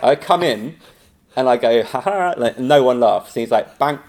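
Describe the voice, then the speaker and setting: A man's voice: mid-range voice, normal speed. A man, an improv teacher chatting casually as a guest, telling stories with lots of laughter and acted-out quotes. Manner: animated storytelling, laughing often, acting out quotes. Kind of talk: casual anecdotal chat.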